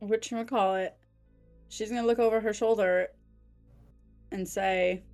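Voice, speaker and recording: A woman playing in a tabletop game, calmly describing her character's actions. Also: medium pitch, a little slow, pauses often, soft background music. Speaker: player. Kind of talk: casual game chat.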